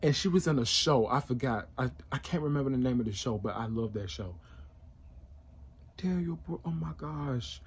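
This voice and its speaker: A man hosting a reaction video, talking in a casual, excitable and emotional way with plenty of slang. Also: medium pitch, normal speed, slightly rough.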